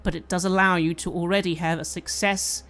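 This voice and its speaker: Low-voiced woman game master. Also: fairly even intonation, brisk, fairly bright tone. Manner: descriptive, occasionally hesitant. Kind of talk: narrating a tabletop game.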